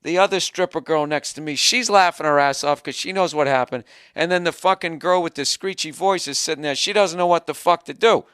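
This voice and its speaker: A man's voice: on the high side, fairly quick, few pauses, fairly bright tone, clear, resonant tone. Gleeful, profane male storyteller. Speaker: stand-up comedian.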